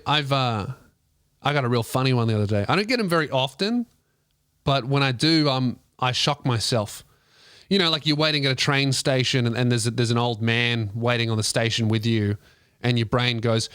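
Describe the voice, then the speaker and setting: A man host telling a comic story in a rambling, profane way, breaking into loud put-on voices. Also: mid-range voice, brisk, clear, resonant tone, no echo, clean studio sound. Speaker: comedian host. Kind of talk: stand-up style storytelling.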